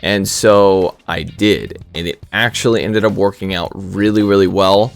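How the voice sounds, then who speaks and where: Low-voiced man commentating a game. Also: fairly even intonation, unhurried, creaky, faint music behind. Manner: self-deprecating, rambling with stutters. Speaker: gaming commentator.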